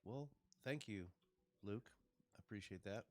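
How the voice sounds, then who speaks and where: A man welcomes incoming raiders on his stream in a relaxed, friendly way. His voice sits a little low. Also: measured pace. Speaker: streamer receiving a raid. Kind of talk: casual stream chat.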